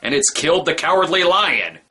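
Wisecracking guy doing comedy movie review, lively up-and-down delivery, kinda husky. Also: a little high, a little fast. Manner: sarcastic, wisecracking. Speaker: film review host.

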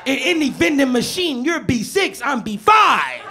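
Brash high-voiced male comic. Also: big pitch swings, measured pace. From Atlanta, USA. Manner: brash, cocky, crowd-teasing. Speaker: stand-up comedian. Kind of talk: stand-up set. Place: comedy stage. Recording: live club with loud crowd and noise.

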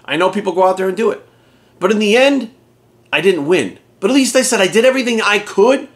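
A man's voice: high-pitched, animated, brisk. A middle-aged man and fitness coach ranting to his viewers in blunt, profane, exasperated commentary.

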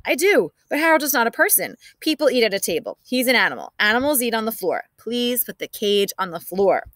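A woman's voice: a little high, very animated, a little fast, a bit bright, no echo. A woman reading as a firm, loving mom. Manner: firm, scolding. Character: firm but loving mother, rule-minded.

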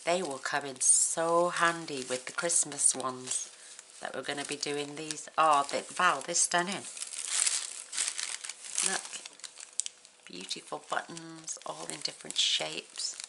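A woman's voice: low voice, steady tone, slow pace, creaky, pauses often. A woman hosting a crafting channel, chatting casually and gushing with effusive exclamations as she unboxes mail. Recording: noisy room with paper crinkling.

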